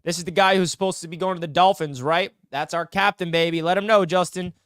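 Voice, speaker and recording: Hyped young guy ranting about his team on a live stream, high clear voice, dry close sound. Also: fairly even intonation, fast talker, fairly bright tone, no echo. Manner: fired-up, emphatic, fan banter. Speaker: sports channel host. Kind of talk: excited live-stream sports talk.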